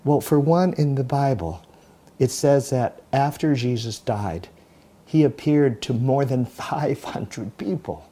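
Mellow-voiced male pastor telling a story. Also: medium pitch, takes it slowly. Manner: storytelling, dramatic retelling with many restarts. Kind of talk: sermon.

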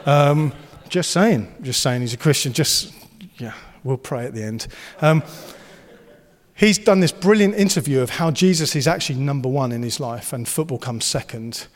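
A man's voice: medium pitch, moderate pace, big-room sound. A man preaching a sermon, earnest and encouraging, and he slips into playful banter. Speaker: pastor.

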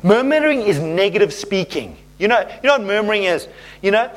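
A man's voice: high voice, big pitch swings, fairly quick. A man preaching a sermon as pastor, reading scripture and acting out playful little voices.

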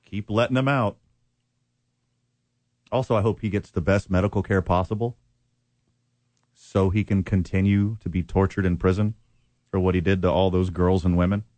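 A man co-hosting a sports radio show, talking in sarcastic, deadpan banter. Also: low-pitched, moderate pace, long pauses, no room sound. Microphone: studio microphone.

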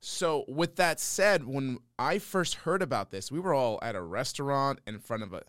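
Easygoing male co-host, mid pitch, dry close-miked sound, chuckles a lot. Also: lively intonation, normal speed, a bit bright, no echo. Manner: laid-back, laughs often. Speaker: podcast co-host. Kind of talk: casual chat.

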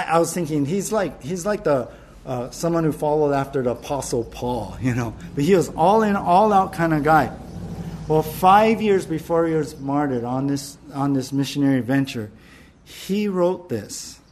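A man preaching with fervent emphasis and a somewhat high voice. He stumbles and restarts phrases as he drives each point home, moving between quick asides and slow, weighty lines. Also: a little mellow. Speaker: pastor. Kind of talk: sermon.

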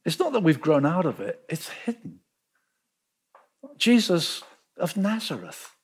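A man preaching a sermon, telling the story with lively emphasis and repeating words to drive points home. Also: fairly high pitch, unhurried, slightly rough. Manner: animated storytelling, acting out quoted voices.

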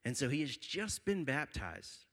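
A man's voice: medium pitch, very animated, unhurried, fairly bright tone. A young man preaching to a college group, telling a funny personal story with laughs before moving into scripture. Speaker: pastor.

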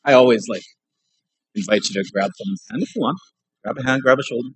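A man preaching in church, telling a dramatic story in an animated way that swings between loud and soft, then leading a prayer. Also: medium pitch, fast, breathy edge, no echo, poor audio. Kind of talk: storytelling sermon with closing prayer. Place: church sanctuary.

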